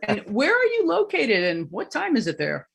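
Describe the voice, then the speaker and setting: A woman's voice: on the high side, wildly swooping pitch, moderate pace, vocal fry, breathy edge. A woman hosting a virtual storytelling show in a joking witch persona, rambling and hammy over a video call. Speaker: emcee in witch character.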